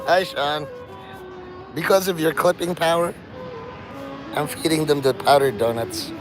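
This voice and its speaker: With music in the background and rough phone audio, a man with a slightly high voice streams live from an open-air plaza amid tall buildings. He talks slowly with long pauses, joking, cursing casually, and speaking to the birds and his viewers over city street noise.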